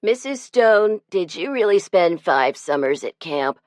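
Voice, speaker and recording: A woman's voice: on the low side, very animated, unhurried, no room sound, studio quality. A woman doing a shy bookish little boy. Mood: reluctant. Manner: reluctant, mumbling replies. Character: shy, bookish, slightly sulky young boy.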